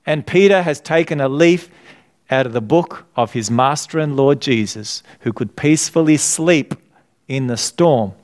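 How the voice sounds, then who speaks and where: A middle-aged man preaching a sermon, earnest and conversational, often asking the congregation to fill in his words. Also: mid-range voice. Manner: asks the congregation questions to fill in. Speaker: pastor.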